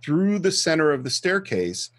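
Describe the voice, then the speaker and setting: A man's voice: on the high side, sing-song, moderate pace, no room sound. A man co-hosting a film podcast, casually retelling scenes step by step and acting out quotes. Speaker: podcast co-host. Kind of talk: casual film-discussion chat.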